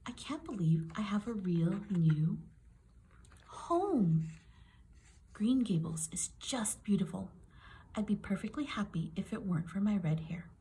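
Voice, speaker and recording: Dramatic red-haired orphan girl a woman puts on, chattery, breathless, gushing, soft and whispery. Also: medium pitch, expressive, a little slow, husky, heavily acted. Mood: dreamy, sighing.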